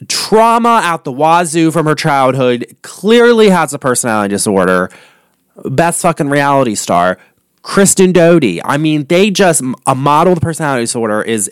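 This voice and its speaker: A podcast host, alone on a studio podcast mic, chats casually and gossips animatedly about reality TV, swearing freely. His voice is a little high, clear and resonant, though it's going hoarse. The studio-quality sound has no echo.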